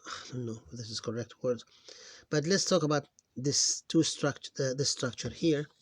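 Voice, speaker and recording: A man teaching reading, slowly sounding out syllables one at a time, recorded on a close mic. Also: mid-range voice, dry recording. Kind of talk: screen-recorded phonics lesson.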